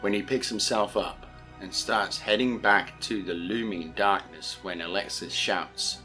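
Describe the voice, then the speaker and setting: Deep-voiced man narrating an audiobook. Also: steady tone, measured pace, pushed and bright. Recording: narration over music.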